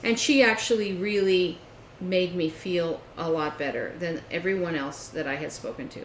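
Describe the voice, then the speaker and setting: An animated woman co-hosting a podcast tells a story in casual conversation, acting out phone calls along the way. She speaks at normal speed in a lowish voice, recorded in an echoey room with faint background noise.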